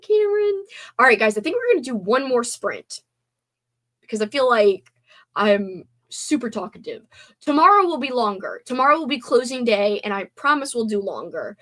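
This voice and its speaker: A young woman hosting a livestream, bubbly and giggly as she chats with viewers, still tired after a sleepover. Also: mid-range voice. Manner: bubbly, giggly, reacts to chat. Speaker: livestream host. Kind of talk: casual livestream chat.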